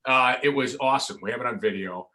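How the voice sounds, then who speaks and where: A man tells stories with real animation, his voice bright and forward. He slips into the voices of the people in his anecdotes. He speaks from a home studio over a remote call. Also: medium pitch, fast. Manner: lively, acts out voices in anecdotes. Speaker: podcast guest, sports broadcaster. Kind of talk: animated storytelling in casual chat.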